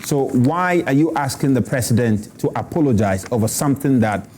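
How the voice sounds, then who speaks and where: A man's voice: mid-range voice, fairly quick, slight background noise. A man hosting a TV morning show, moderating a debate and reading from the paper. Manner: calm moderator, reads aloud from newspaper. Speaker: TV show host.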